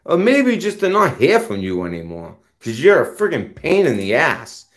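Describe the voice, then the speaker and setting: A man's voice: medium pitch, wildly swooping pitch, moderate pace. A man hosting his own channel, delivering a confrontational, profane rant straight at a rival. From United States. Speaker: channel host. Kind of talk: heated rant to camera.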